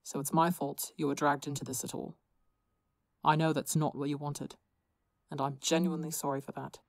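A woman's voice: low-pitched, level tone, moderate pace, no echo, clean studio sound. A woman doing a sheepish young supervillain. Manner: apologetic, hesitant.

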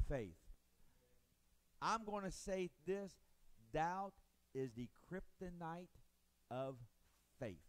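Pastor, male, high voice, dramatic preaching with loud swells and hushed drops. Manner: acts out voices of doubters and biblical figures. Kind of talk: sermon.

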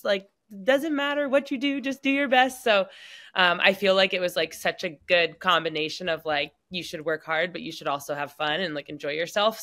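A woman speaking as a guest in a laid-back podcast interview, her voice a little on the low side. She chats loosely, peppering her sentences with "like" and easy laughter. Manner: relaxed, chatty, many "like" fillers, laughs easily. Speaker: guest, professional hockey player. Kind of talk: casual interview chat.

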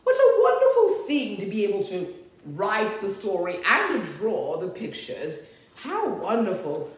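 Giggly, animated woman reading to children. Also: medium pitch, a little slow. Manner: giggly, theatrical, often exclaiming "oh dear". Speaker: children's storytime host. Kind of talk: playful storytime talk to children. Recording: very echoey room with faint music.

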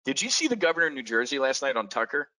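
A man delivers a lively trading webinar pitch, calling out to the folks listening. His voice is bright and forceful, with sudden jumps in pitch to hammer home each point. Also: rapid-fire, low-quality recording. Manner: animated, folksy, speaks straight to the listeners. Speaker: options trading webinar presenter. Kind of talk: energetic trading pitch to an audience.

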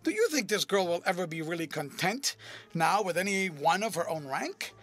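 A witty, cynical aristocrat of a storybook drawls his epigrams with amused ease, as a male narrator reads him. The voice sits fairly high for a man, with faint music drifting underneath. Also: fairly bright tone, full character voice.

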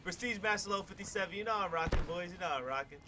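A young man commentating his own gameplay, cocky and hyped, swearing and yelling out suddenly. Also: sits high, racing, slight background noise. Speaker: gaming YouTuber.

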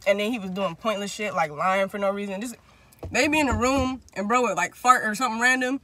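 A young man chats casually, spinning a long, profane story. His voice is bright and forward, and he throws in big, lively pitch jumps whenever he acts out quotes. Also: brisk. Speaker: vlog host.

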